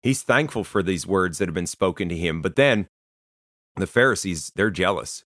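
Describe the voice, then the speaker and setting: A man preaching a sermon, walking through a scripture passage in a plain, earnest way and posing rhetorical questions. His voice sits low, and the recording is dry and close with no room echo. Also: animated, moderate pace, fairly bright tone.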